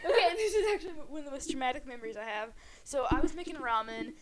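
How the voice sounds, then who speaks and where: High-voiced young woman, giggly storyteller. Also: expressive, fast. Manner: laughing, self-interrupting storytelling. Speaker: podcast co-host. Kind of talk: casual chat.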